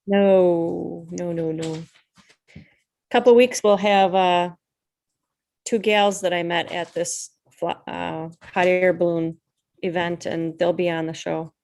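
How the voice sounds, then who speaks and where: Slow-talking low-voiced woman. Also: fairly even intonation, darkish tone. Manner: laid-back, easy laughter. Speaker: host of a paramotoring talk show. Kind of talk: casual chat on a video call. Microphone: video call.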